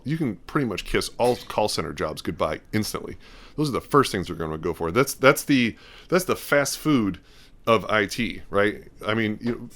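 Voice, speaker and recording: A man's voice: on the low side, fairly bright tone. A man hosting a podcast, talking in a casual, rambling way and acting out bits of quoted dialogue. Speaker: podcast host. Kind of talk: casual talk.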